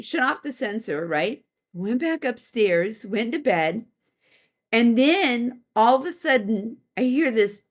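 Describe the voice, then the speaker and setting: Animated, slow-talking woman telling a story. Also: a little high. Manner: animated storyteller, laughs often. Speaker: psychic medium guest. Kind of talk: casual anecdote in an interview.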